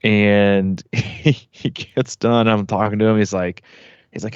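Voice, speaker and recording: A man's voice: lowish voice, fairly even intonation, unhurried, smooth, dry recording. A man in his thirties hosting a triathlon podcast, telling a story in a rambling way, full of "like" and "you know". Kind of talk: casual storytelling chat. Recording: slightly muffled, dry sound.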